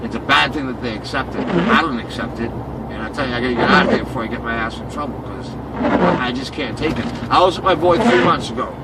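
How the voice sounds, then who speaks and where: A man's voice: medium pitch, lively intonation, quick pace. A man from Boston riding as a taxi passenger, ranting with emphatic, profane talk and repeating himself. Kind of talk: heated personal rant. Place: inside a taxi cab. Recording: distant voice under loud road noise. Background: road and engine noise.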